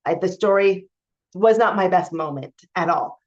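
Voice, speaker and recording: A woman's voice: on the low side, moderate pace. A woman coaching spiritually, telling a personal story to camera in a candid, emphatic way with many fillers and restarts. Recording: dull lo-fi recording.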